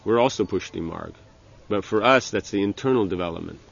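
In a low, gravelly voice, a spiritual teacher gives a loose, conversational religious lecture, halting and circling back with restarts, filler words, and many "you know"s. The recording is dull and lo-fi.

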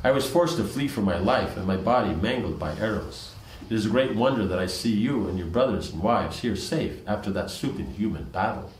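A man reading the lines of a proud male warrior praising his friend, in a plain low reading voice. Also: lively intonation, brisk, a little hiss or hum, natural voice. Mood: admiring. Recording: roomy echo.

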